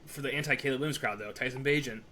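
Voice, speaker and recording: Fast-talking exasperated male co-host. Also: medium pitch, a crowd in the background. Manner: fast, exasperated ranting with profanity. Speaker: podcast co-host. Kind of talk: casual sports chat.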